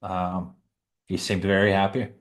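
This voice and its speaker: A middle-aged man who works as a Santa, telling a heartfelt story with pauses, restarts and emotion. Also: low voice, flat delivery. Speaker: professional Santa performer. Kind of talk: heartfelt storytelling in a group chat.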